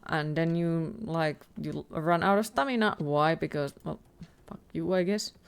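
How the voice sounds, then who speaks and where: A woman's voice: deep voice, normal speed, gravelly, clean tone. Profane ranting woman streamer. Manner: ranting, heavily profane, exasperated. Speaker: livestreamer playing a horror game. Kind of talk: live gameplay commentary.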